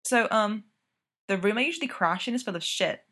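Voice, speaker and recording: A woman reading a story, voicing an excitable young man, a hockey player, who exclaims and gets easily rattled. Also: mid-range voice, a little fast, close to an everyday voice. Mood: awkward.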